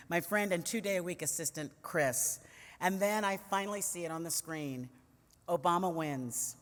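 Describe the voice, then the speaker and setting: A woman's voice: mid-range voice, expressive, moderate pace, a bit bright. A woman in her fifties from New York City gives a humorous personal storytelling talk as a commentator, witty and conversational with playful asides to the audience. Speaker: commentator and conference speaker. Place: large conference hall. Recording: long reverb of a big hall.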